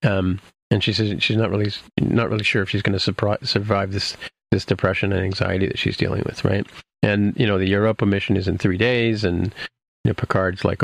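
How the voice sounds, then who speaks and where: A man's voice: on the low side, little pitch movement, brisk, creaky, no echo. A man casually recapping an episode for his podcast co-hosts, rambling with many fillers and restarts. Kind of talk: casual chat.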